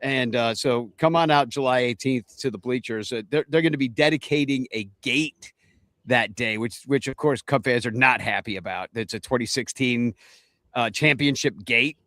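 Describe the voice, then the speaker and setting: A man's voice: mid-range voice, normal speed, fairly bright tone, no room sound. Wry man hosting a dry-sounding chat. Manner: joking, wry asides. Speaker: host. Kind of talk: casual chat.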